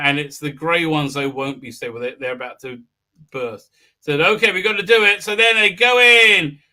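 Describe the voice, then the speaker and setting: Man, sarcastic, very bright voice, casual episode recap. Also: on the high side. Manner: sarcastic, crude jokes, many filler uhs. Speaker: YouTube host reviewing a TV episode. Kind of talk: casual live-stream recap with mocking asides.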